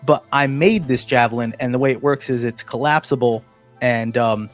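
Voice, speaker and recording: A man's voice: mid-range voice, normal speed, soft background music. A man hosting a casual chat, telling a long story with many restarts and fillers. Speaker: podcast host.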